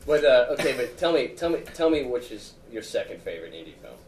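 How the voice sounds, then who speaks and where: A man's voice: medium pitch, very animated, fast, slight background noise. A man hosting a podcast, asking loose, searching questions in a casual interview. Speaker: podcast host. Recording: echoey and distant from the mic.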